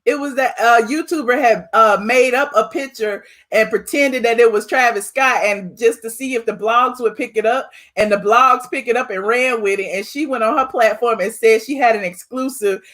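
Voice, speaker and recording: High-voiced woman host, amused and incredulous. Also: normal speed, hardly any pauses, a bit bright. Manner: amused and incredulous, laughs often, asks rhetorical questions. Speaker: channel host. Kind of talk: casual commentary reacting to clips.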